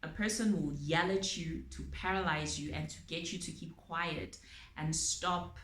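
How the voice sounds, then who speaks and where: A woman calmly explaining her topic to viewers, using everyday examples and frequent pauses and ums. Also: sits low. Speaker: channel host on abuse awareness. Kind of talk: explanatory talk to camera. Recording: echoey room.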